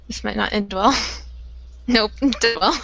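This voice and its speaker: A woman's voice: mid-range voice, a little slow, gravelly, pushed and bright, muffled recording. A woman playing a tabletop game online, casual and hesitant. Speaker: player.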